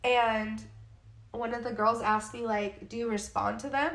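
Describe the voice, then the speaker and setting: A young woman co-hosts a podcast in casual, emphatic chat, dropping swear words and sarcastic asides. Her voice sits a little high. The recording has a roomy echo. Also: steady tone, a little slow, a bit bright. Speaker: podcast co-host.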